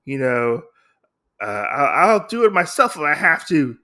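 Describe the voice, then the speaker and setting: A man putting on a cowardly panicky cat warlord, pitched way up, with a rough, gravelly edge and a pleading, whiny manner as he shrieks for his guards. He sounds like a villain from a read-aloud comic recap. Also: big pitch swings, measured pace, pushed and bright, full character voice. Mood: gloating.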